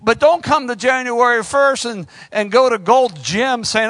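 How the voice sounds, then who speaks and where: A man's voice: extremely high pitch, a little slow, fairly bright tone. A man preaching an impassioned sermon, calling out to his congregation.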